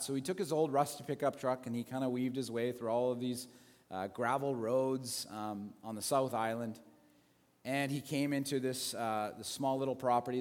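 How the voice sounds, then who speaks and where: A male pastor telling a story in a sermon, conversational, with restarts and asides. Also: mid-range voice. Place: church sanctuary. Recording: long hall reverb.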